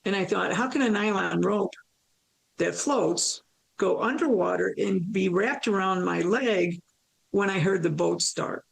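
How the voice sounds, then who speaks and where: A woman recounting a near-death experience in an interview, animated and storytelling, acting out her own thoughts and laughing often. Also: medium pitch, measured pace, vocal fry, breathy edge, poor audio.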